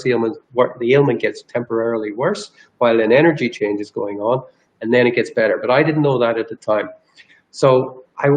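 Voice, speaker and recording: A man's voice: medium pitch, low-quality recording. A man from Ireland, a guest energy healer telling a personal story in an interview, earnest and rambling, with restarts. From Northern Ireland.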